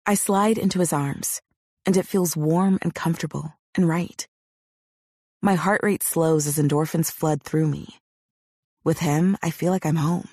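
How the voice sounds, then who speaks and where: A woman with a low, husky voice reads a novel aloud in the first person, measured and intimate. The recording is dry and close, with no room around her. Her breathy tone keeps the telling soft. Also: steady tone, no echo. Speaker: audiobook narrator. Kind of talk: first-person scripted narration.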